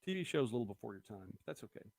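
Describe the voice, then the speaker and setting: A man's voice: mid-range voice, very animated, racing, vocal fry, no room sound. A middle-aged man hosting a casual live-stream, chatting and rambling as he reads viewer comments aloud. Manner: chatty, rambling, quotes movie lines. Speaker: host of a local live-stream show.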